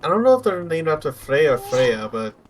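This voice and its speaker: A man's voice: fairly high pitch, sing-song, fairly quick, a little hiss or hum. Playful man chatting over gameplay. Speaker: co-player. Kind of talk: casual gameplay chat.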